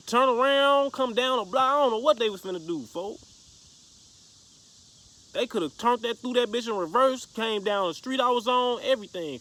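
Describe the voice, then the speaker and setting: A man's voice: very high-pitched, pushed and bright. Slangy, profane man telling a story. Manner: profane, slangy, rambling with restarts. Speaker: vlogger. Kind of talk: casual storytelling vlog.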